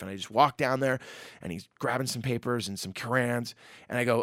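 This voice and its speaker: A man tells a personal story casually and animatedly, acting out quotes and using lots of fillers. His medium-pitched voice moves at normal speed, and the recording is dry with clean studio sound.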